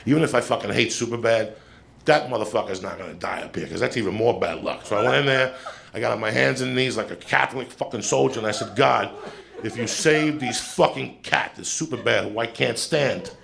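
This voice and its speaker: A man's voice: mid-range voice, a little fast. A man doing stand-up, telling a long story in a blunt, profane, conversational way. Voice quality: gravelly. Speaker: stand-up comedian. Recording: played clip with steady background noise.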